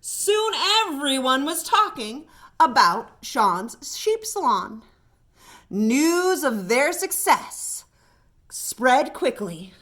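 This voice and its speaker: A woman librarian with an American accent, reading a picture book aloud at storytime in an expressive way. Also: high voice, very slow. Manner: animated, expressive. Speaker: children's librarian.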